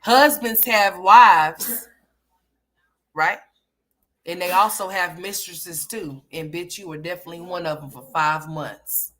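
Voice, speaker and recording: A woman's voice: fairly low pitch, steady tone, moderate pace, sharp tone. Blunt, sassy woman doing reaction commentary. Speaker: commentary host.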